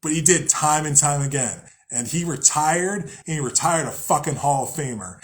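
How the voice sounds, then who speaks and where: A young man with a slightly high voice hosts a casual spiritual podcast. He rambles, swears freely and laughs at himself. Now and then he breaks into put-on angry voices. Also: normal speed. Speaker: podcast host.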